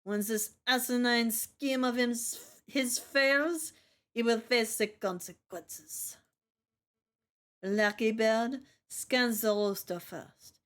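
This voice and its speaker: A woman's voice: fairly high pitch, fairly even intonation, a bit bright. A woman voicing a stern, commanding noblewoman who gives orders, while reading a game aloud. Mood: imperious. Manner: slow, imperious and curt.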